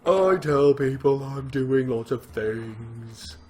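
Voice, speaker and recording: A man's voice: mid-range voice, slow, hardly any pauses, a little mellow, soft background music. A man giving casual gameplay commentary as a video host, rambling, self-deprecating and thinking aloud with frequent fillers and restarts.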